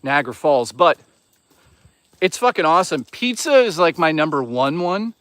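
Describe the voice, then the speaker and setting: A man's voice: a little high, big pitch swings, normal speed, fairly bright tone, no room sound. Crude joking man on a woodland walk. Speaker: streamer. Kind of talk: casual live-stream chat while walking. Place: outdoors in the woods.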